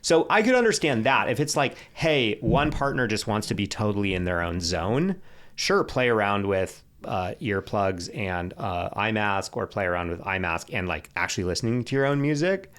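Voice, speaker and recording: A man's voice: fairly low pitch, very animated, normal speed, fairly bright tone. Rambling man podcast co-host. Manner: rambling, thinks aloud with many fillers. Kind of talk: casual chat.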